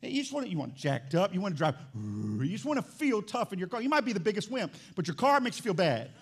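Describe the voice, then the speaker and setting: A man preaching a sermon as pastor in a church, animated and jokey, swinging from loud excitement to quiet emphasis. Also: high voice, fast talker, breathy edge. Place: church sanctuary.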